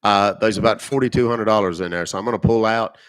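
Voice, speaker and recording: Nursing a cough and sniffling, a middle-aged male streamer who baits scammers talks fast in a lowish, slightly bright voice during casual live-stream chat. He's loose and joking and swears freely, on a dry, studio-quality recording.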